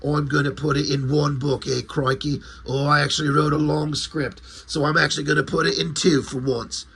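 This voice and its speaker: A boastful, offhand comic writer , as a man mimics him, brags casually. The voice goes a bit higher, bright and husky. He sounds smug and breezy. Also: flat delivery, brisk, heavily acted.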